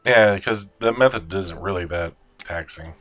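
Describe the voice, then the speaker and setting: A man's voice: sits low, measured pace, fairly bright tone, faint music behind. A man hosting a gaming video, chatting casually and unhurriedly about doing voices. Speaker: gameplay video host.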